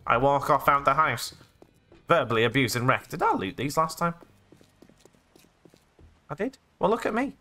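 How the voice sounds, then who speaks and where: A man's voice: on the high side, sing-song, normal speed, long pauses, sharp tone. An English man hosting a let's play, narrating his own in-game actions in past tense with playful jokes. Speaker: gaming channel host.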